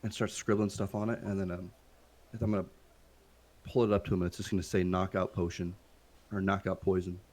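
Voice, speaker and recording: Low-voiced man playing a tabletop game. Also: level tone, brisk, pauses often, darkish tone. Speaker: player. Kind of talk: casual tabletop game play.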